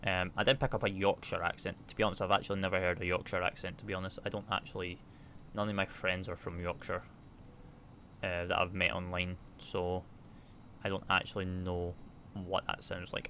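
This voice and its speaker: A man's voice: low voice, sharp tone, slight background noise. A man from the United Kingdom, chatting casually with his viewers while flying a simulator, reading numbers and checklist items aloud between remarks. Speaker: flight sim streamer.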